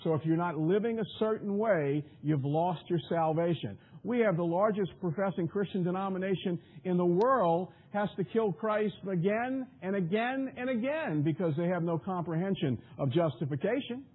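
A man with a high, husky voice preaching emphatically and firing off rhetorical questions at his listeners. The sound is thin and narrow, like a broadcast coming over a phone line. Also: normal speed, hardly any pauses. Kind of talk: sermon.

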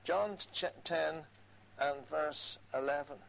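Older man preaching a sermon, higher voice. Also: gravelly, fairly bright tone, rough recording. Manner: reads scripture slowly, conversational asides.

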